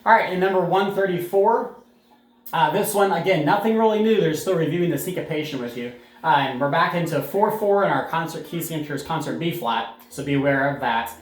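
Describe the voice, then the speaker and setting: A man's voice: fairly high pitch, animated, brisk. A man teaching a sixth grade band lesson on video, explaining rhythms with frequent fillers and counting beats aloud. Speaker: middle school band teacher. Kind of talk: recorded music lesson. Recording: echoey room sound.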